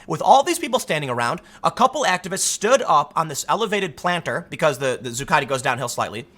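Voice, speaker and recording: A man hosts solo political commentary, arguing his point emphatically and acting out quotes in other voices. His voice is a little high and a bit bright, with a sing-song lilt and a quick pace.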